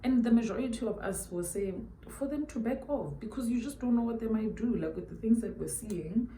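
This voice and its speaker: A woman's voice: fairly high pitch, expressive, a little fast, mellow, echoey room, slight background noise. A South African woman telling a story while doing her makeup, emphatic and chatty, repeating her points for weight. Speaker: beauty YouTuber.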